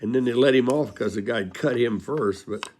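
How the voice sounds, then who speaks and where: A man's voice: medium pitch, moderate pace, darkish tone. An older man from California telling rambling, folksy stories about his old buddies, chuckling as he goes. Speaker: storyteller. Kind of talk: casual spoken storytelling.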